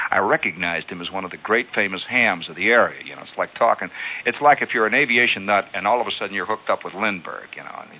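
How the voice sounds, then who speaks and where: A man hosting a radio show, telling a long story in an animated way and acting out sounds, heard on a lo-fi old broadcast. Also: sits low, quick pace. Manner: animated, acts out sounds and callouts. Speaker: radio host. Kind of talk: spoken storytelling monologue.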